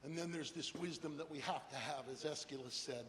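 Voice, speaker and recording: An older man giving a humorous motivational keynote speech, animated storytelling and rhyming slogans. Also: on the high side, fairly quick, hardly any pauses. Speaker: keynote speaker. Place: large hall with an audience. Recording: echoey hall, faint noise.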